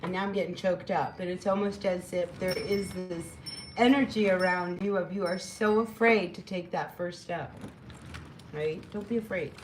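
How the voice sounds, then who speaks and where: A woman's voice: lowish voice, fairly even intonation, moderate pace, slight background noise, rough recording. A woman giving a casual spoken tarot reading, chatty and encouraging, rambling with lots of fillers. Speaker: tarot reader.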